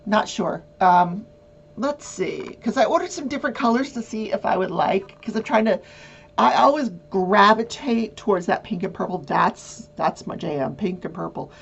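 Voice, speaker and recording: A talkative woman hosts a home crafting chat show, rambling on with lots of fillers and restarts. Her voice has a gravelly, creaky edge. The recording sounds dull and lo-fi. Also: animated, moderate pace, a little hiss or hum. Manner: jumps to high squeals when acting out her own reactions. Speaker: host of a crafting talk show. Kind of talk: casual chat.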